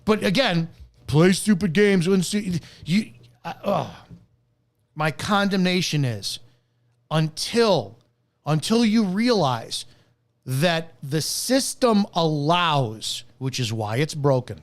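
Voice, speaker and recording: A man's voice: on the high side, very animated, takes it slowly. A man who is a former police officer, hosting a live stream and delivering an angry, profane commentary rant.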